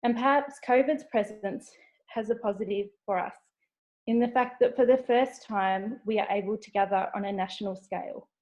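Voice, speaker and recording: A woman from Australia with an Australian accent, co-founder and host, giving a warm, measured welcome speech over a video call. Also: medium pitch. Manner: warm, measured formal address.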